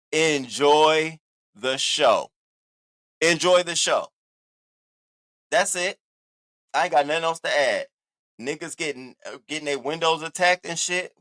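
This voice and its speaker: A man's voice: on the high side, fairly bright tone. A man, hosting a casual, profane commentary rant aimed straight at his viewers. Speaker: commentary host.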